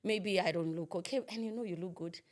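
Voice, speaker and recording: A woman's voice: lowish voice, brisk. A woman, a minister giving personal testimony in a podcast interview, vividly acting out the dialogue she quotes. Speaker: guest minister.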